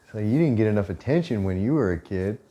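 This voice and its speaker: A man with a somewhat low voice talks casually on a couple's vlog. He jokes and swears freely, with a sarcastic edge. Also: lively intonation, fast talker, dark tone. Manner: joking, profane, sarcastic asides. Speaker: vlog co-host.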